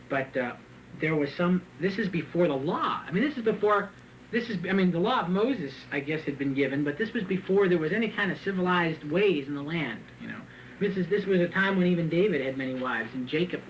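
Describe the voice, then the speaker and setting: A man preaching a sermon, reading scripture and then retelling it in a joking, animated way with frequent laughs. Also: a little high, a little hiss or hum, poor audio. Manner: animated, joking, laughs often at his own asides; reads scripture aloud and then retells it in plain talk. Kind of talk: sermon with Bible reading and commentary.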